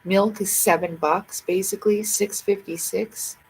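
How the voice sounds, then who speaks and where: A woman's voice: medium pitch, steady tone, measured pace, a little mellow, slight background noise, rough recording. A woman hosting a livestream, rambling casually to herself and her viewers in a chatty way. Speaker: livestream host.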